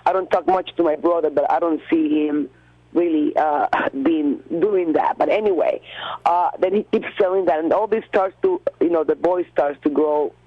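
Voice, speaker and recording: A woman from Cuba, a radio guest, recounting an encounter in an animated, halting way with many restarts and fillers. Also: low-pitched, no room sound, dull audio. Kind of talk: phone-in storytelling.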